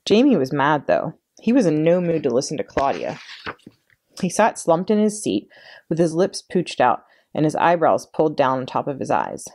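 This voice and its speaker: A woman librarian reading a children's chapter book aloud in an expressive storytelling way. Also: low voice, moderate pace, slight background noise. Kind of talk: read-aloud storytime narration.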